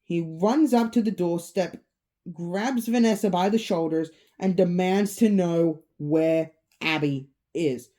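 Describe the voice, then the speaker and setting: A woman retelling a spooky fan story in a relaxed, offhand way. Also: on the low side, takes it slowly. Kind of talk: casual storytelling.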